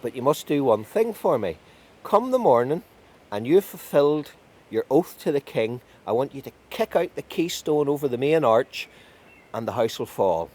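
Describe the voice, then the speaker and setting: A man's voice: medium pitch, big pitch swings, moderate pace, darkish tone, pitched above the performer's own voice. A man voicing an impatient, bossy male fairy king of the mountain.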